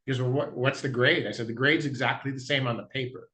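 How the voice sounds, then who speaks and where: A man, a guest diamond dealer in a casual interview, telling anecdotes and acting out both sides of the dialogue, clearing his throat now and then. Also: medium pitch, steady tone, quick pace, pushed and bright.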